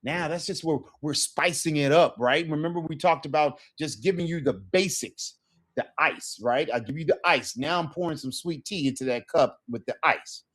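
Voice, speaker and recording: A man's voice: fairly high pitch, moderate pace, a bit bright. A middle-aged man teaching an online Spanish lesson, repeating phrases with rising emphasis.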